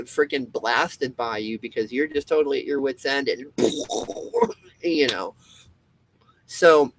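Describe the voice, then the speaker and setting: A man's voice: on the high side, poor audio. Rambling, swearing male video host. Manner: rambling, with many restarts; swears freely. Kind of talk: casual monologue.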